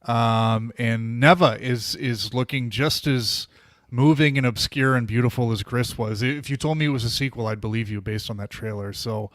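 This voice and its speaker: A man's voice: medium pitch, normal speed, no room sound, clean studio sound. A man co-hosting a gaming podcast, talking thoughtfully and hesitating with plenty of fillers. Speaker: podcast co-host. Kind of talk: casual podcast chat.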